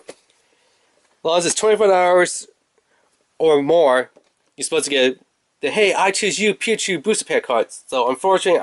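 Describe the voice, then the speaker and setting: A man's voice: a little high, dry recording. Rambling man reviewing a toy. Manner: rambling, talkative, animated storytelling. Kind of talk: casual unboxing review.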